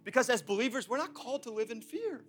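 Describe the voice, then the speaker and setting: High, bright-voiced preaching man. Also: lively intonation, fast talker, faint music behind. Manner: preaching with bursts of shouted emphasis and joking asides. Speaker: pastor. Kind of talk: sermon.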